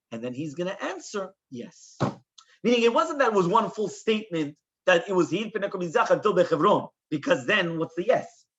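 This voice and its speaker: A man's voice: a little high, pushed and bright, slightly rough, highs cut off. A man teaching a Talmud class as a rabbi, explaining the text with lots of rhetorical questions and quoted Hebrew and Aramaic.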